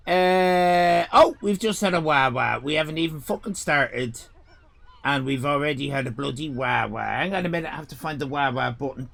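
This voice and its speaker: A middle-aged Irish man hosts a comedy stream, loud and rambling, swearing and tripping over his restarts. His voice sits high and jumps all over the place, with a gravelly, bright edge. Now and then he drifts away from the mic. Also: animated, normal speed. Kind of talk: comic character stream chat.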